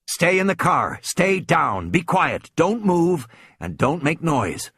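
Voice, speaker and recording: A man voicing a calm, authoritative grown man giving firm instructions over a radio, in a dry studio audiobook reading. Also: a little high, slow pace, slightly rough, no room sound, voice pushed up, full character voice. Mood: steady.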